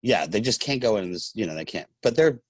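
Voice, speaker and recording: A man's voice: on the low side, lively intonation, brisk, no room sound. A man co-hosting a podcast in casual chat, joking in a campy way and mimicking people in his stories. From Los Angeles. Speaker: podcast co-host.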